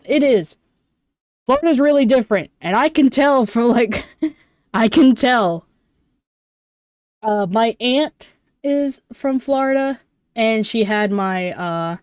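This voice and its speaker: A woman's voice: a little high, lively intonation, unhurried, long pauses, darkish tone, no room sound, clean studio sound. A young woman streamer chatting casually and self-deprecatingly during a game, with lots of fillers. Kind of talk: casual gaming chat.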